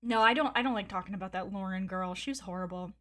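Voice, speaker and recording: A woman's voice: mid-range voice, fast, a bit bright. A woman streamer chatting casually, telling a gossipy story candidly with frequent swearing and laughs. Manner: rambling with fillers and laughs. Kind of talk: casual chat.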